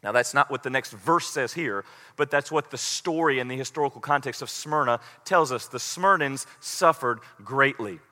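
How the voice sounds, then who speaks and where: A man's voice: mid-range voice, moderate pace, sharp tone. Earnest man preaching in a reverberant hall. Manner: earnest, rising to pleading intensity. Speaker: pastor. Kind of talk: sermon.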